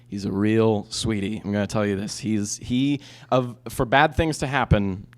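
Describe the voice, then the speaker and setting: A man's voice: on the low side, fairly even intonation, moderate pace. A man in his twenties doing a stand-up comedy set, telling a rambling story with lots of restarts and asides. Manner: rambling, self-interrupting storytelling.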